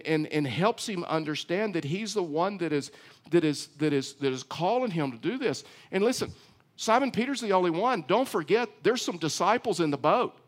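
A middle-aged man preaching a sermon in a conversational way, often repeating words and asking his listeners questions. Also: high voice. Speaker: pastor.

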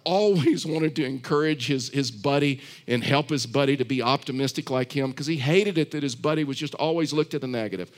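A man preaching a sermon, earnest and repetitive, telling stories with frequent restarts. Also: a little high. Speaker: pastor.

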